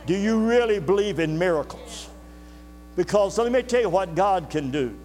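An older man preaching a sermon to his congregation, telling a story in a folksy, earnest way and pausing to ask the listeners questions. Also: sits high, lively intonation, darkish tone, soft background music. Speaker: pastor. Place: church sanctuary. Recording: reverberant hall with faint mains hum.

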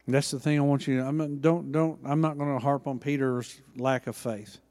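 A man preaching a sermon, acting out Bible dialogue with lively emphasis. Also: mid-range voice, brisk, big-room sound. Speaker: pastor.

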